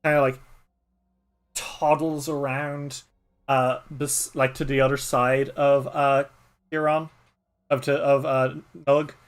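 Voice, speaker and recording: A man's voice: medium pitch, little pitch movement, takes it slowly, long pauses, smooth. A man with an Irish accent narrating a solo tabletop game as a streamer, in a loose, rambling way full of fillers. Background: music.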